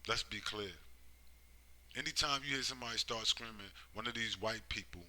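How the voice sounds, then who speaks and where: A man's voice: lowish voice, fairly even intonation, moderate pace, pauses often, pushed and bright, low-quality recording. A man giving a rambling, profane monologue, driving his points home with constant tag questions. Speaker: commentator. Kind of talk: casual monologue.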